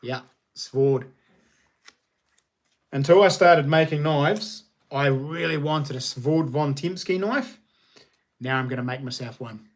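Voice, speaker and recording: New Zealand man, 30s, stream host, cheerful and chatty, slightly high voice. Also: slow, long pauses. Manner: upbeat and chatty, calls viewers legends. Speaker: livestream host. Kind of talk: casual livestream chat. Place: small lounge nook at home.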